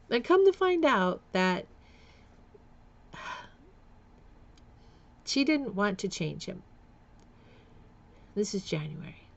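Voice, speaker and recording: Vlogger woman with a gravelly edge, raw and candid, lo-fi recording. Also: fairly high pitch, very animated, slow, long pauses. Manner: candid, emotional, with nervous laughs and repeated words. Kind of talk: personal storytelling vlog.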